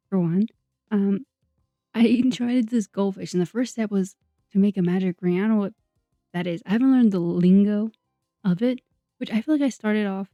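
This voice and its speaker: A woman's voice: mid-range voice, no room sound. A young woman YouTuber chatting casually over a video, rambling and self-deprecating, with lots of fillers and laughs. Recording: dull, dry sound under soft music.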